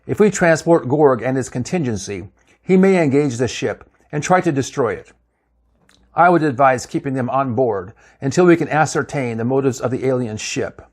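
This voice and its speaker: Man reading a cool logical science officer, measured, cautious. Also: mid-range voice, expressive, lightly acted. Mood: calm.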